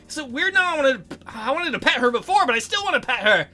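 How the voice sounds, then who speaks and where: A man's voice: very high voice, very animated, fairly quick, pushed and bright, soft background music. A man hosting a let's play, reading a visual novel aloud with playful, joking asides.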